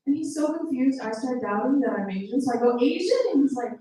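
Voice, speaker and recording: Deadpan woman comic in a roomy club. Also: fast. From Mongolia. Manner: deadpan asides, jumps to high put-on voices for quotes. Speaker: stand-up comedian. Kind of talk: stand-up comedy set. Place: small comedy club stage. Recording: roomy club sound from a distance.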